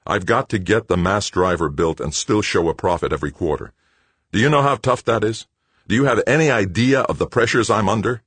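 A man's voice: lowish voice, fairly quick, a bit bright, husky, no room sound, voice pushed up. A man reading an audiobook and voicing a stern, impatient male base director who talks sharply and dismissively. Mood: exasperated. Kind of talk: audiobook character voice.

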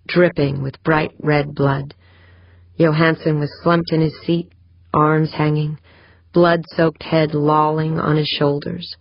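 A woman reading a story aloud as a narrator, in a steady, measured way. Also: low voice, no room sound, highs cut off. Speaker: audiobook narrator. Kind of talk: scripted narration.

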